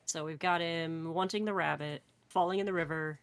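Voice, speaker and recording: Woman co-host with a somewhat low voice, playful and riffing. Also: steady tone. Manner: playful, quick to agree and riff. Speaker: podcast co-host. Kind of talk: casual brainstorming chat.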